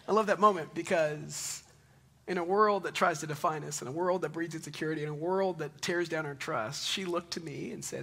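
A man in his thirties preaching a conversational sermon, telling stories in an animated way and closing in prayer. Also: fairly high pitch, fast talker. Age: 30s. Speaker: pastor.

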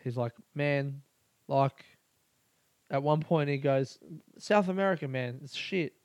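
A man's voice: mid-range voice, unhurried, darkish tone, no echo. A young adult man with an Australian accent, a comedian hosting his own podcast, talking in a sweary, rambling way and acting out stories. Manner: sweary, rambling, acts out stories in raised voices. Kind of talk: solo casual podcast monologue.

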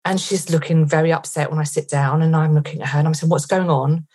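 A woman's voice: low-pitched, fairly even intonation, fast, darkish tone, breathy edge. A middle-aged woman from England, a podcast guest, retelling a tense story vividly with quoted thoughts.

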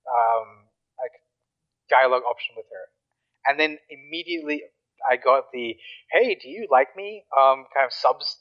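Rambling man, lo-fi recording. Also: a little high. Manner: rambling, frequent fillers and restarts. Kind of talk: casual chat.

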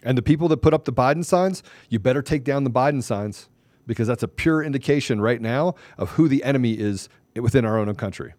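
A man's voice: medium pitch, animated, a little fast, a little mellow, dry recording. Heated ranting male talk host. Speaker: show host. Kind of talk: casual political talk show chat.

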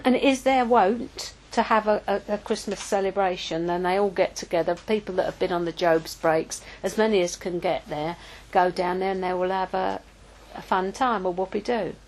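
An older woman preaching in a relaxed, conversational way. She tells personal stories and often stops to correct herself, at a medium pitch. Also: moderate pace, rough recording. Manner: chatty and anecdotal, with self-corrections. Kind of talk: informal teaching talk.

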